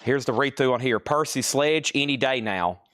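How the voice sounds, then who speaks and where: A man runs a casual live sale from his store, rattling off items and prices. He talks in a chatty, teasing way. His voice sits at a middling pitch and the sound is dry and close. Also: normal speed, a bit bright, smooth, no echo. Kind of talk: casual live-stream selling.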